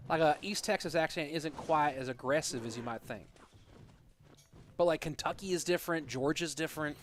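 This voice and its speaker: A young American man with a slightly higher voice casts a live esports stream. He chats and rambles between plays and gets loud and excited during big moments. Faint music plays softly behind him. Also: moderate pace. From United States. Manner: chatty, rambling, with many fillers; rises to loud excited play-by-play. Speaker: esports caster. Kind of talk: livestream commentary and chat.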